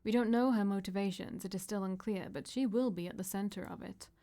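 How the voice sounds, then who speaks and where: A woman voicing a calm robotic oracle who speaks in slow, solemn pronouncements. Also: medium pitch, lightly acted. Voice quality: flat synthetic-sounding delivery.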